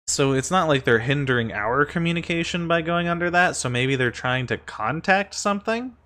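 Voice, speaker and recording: A man giving casual reaction commentary as a streamer, animated, thinking aloud and laughing often. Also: fairly high pitch, normal speed.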